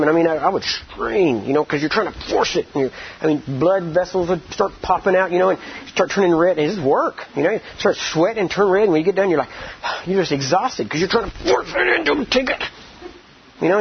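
Husky-voiced preacher telling stories. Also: male voice, on the high side. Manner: rambling, repeats "I mean" and "you know", acts out quoted speech; slows down and stresses words when teaching scripture. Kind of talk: sermon with storytelling. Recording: dull lo-fi recording.

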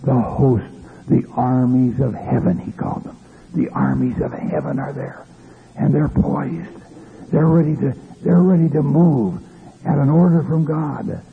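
A man's voice: medium pitch, unhurried, gravelly, slight background noise. A man preaching a fervent sermon, stopping often for hallelujahs and restarting his phrases. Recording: tinny lo-fi old recording.

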